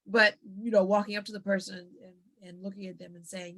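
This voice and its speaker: Woman, psychologist guest, conversational advice, lively, acts out quoted dialogue, medium pitch. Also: fairly quick. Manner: animated, acts out family dialogues with quoted voices.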